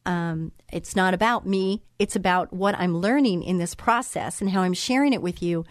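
A woman's voice: fairly low pitch, moderate pace, no echo, clean studio sound. A middle-aged woman hosting a show, giving an earnest, emphatic motivational monologue that repeats phrases for effect. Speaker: host.

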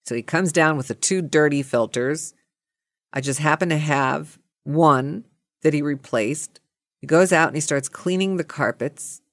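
A woman's voice: sits low, measured pace, dry recording, studio quality. A woman telling a comic everyday story in a casual, exasperated, self-mocking way.

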